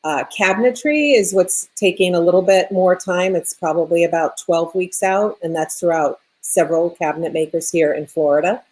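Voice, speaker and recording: A woman's voice: fairly low pitch, moderate pace, hardly any pauses. A woman with a New York accent, an interior designer talking casually as a radio guest and thinking aloud as she goes. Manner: relaxed, thinking aloud with fillers.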